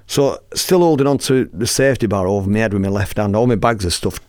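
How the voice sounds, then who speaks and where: A man in his fifties hosting a podcast, telling a story in a lively, casual way, acting out the scene and swearing freely. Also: on the low side, fast talker, dry recording, clean studio sound. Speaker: podcast host and musician.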